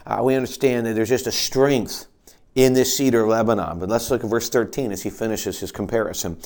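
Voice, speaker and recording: A man's voice: fairly low pitch, fairly even intonation, a little fast, a little mellow. A man preaching a sermon to his congregation, earnest and emphatic, restarting phrases as he goes. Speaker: pastor.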